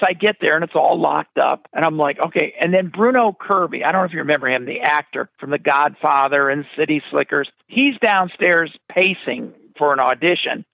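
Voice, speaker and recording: Animated high-voiced man on a tinny line. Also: vocal fry, dry recording. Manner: animated, acts out voices in his anecdotes. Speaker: film director telling his story. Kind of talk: storytelling interview. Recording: tinny phone-like dry sound.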